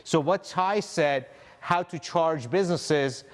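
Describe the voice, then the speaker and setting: Male co-host, slow-paced, walks through numbered steps calmly on a live stream. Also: a little high. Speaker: co-host, instructor.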